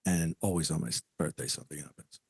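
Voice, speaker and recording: A man's voice: extremely low pitch, quick pace, creaky, husky, no echo. A man telling a personal story as a podcast guest, acting out the voices of the people he quotes.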